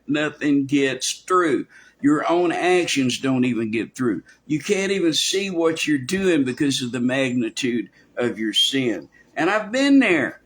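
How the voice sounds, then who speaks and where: A man preaching a verse-by-verse sermon in a folksy way, acting out quoted voices, with many restarts. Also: medium pitch. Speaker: pastor. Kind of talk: expository sermon.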